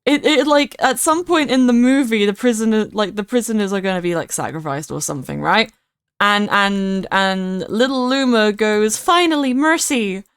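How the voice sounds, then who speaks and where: A young woman with a mid-range voice speaks at a moderate pace during a casual gaming live stream, playful and prone to repeating words for emphasis. The recording is clean, dry, and studio quality.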